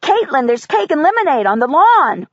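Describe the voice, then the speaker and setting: A woman voicing an eager, excited little boy in an audiobook. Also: moderate pace, no echo, muffled recording. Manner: high, bouncy, excited.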